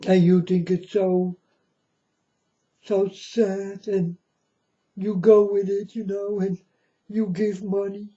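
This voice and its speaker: A man's voice: high-pitched, little pitch movement, slow pace, long pauses, warm tone. A man hosting his own channel, delivering a blunt, scornful, preachy ranting monologue. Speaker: channel host. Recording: dull lo-fi recording.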